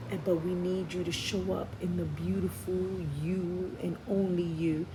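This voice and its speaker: New york lady doing a tarot reading, gravelly lowish voice, heartfelt and preachy, noisy background. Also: level tone, a little slow, hardly any pauses. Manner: heartfelt, preachy, addresses viewers as y'all and baby. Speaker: tarot reader. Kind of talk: spiritual tarot reading to viewers. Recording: noisy home recording.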